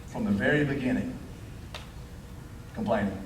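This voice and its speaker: Folksy preacher in an echoey church hall. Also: male voice, fairly high pitch, fairly quick, distant mic, a little hiss or hum. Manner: folksy, animated preaching with dialect. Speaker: pastor. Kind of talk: sermon. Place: church sanctuary.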